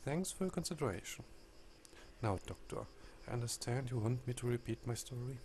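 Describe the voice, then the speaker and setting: A man voicing a composed Victorian woman who survived an ordeal and calmly recounts it in a game read aloud. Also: mid-range voice, a little hiss or hum, close to an everyday voice. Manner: proud, measured storytelling.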